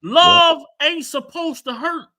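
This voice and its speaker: A woman's voice: extremely high pitch, takes it slowly, sharp tone. A woman in a casual livestream opinion chat, speaking fervently and repeating words as she testifies.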